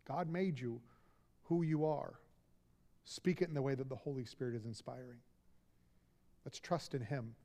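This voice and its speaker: A man preaching a sermon as pastor, earnest and emphatic, slowing down for key lines. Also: mid-range voice, dark tone. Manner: earnest, emphatic preaching with slow deliberate pauses. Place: church sanctuary.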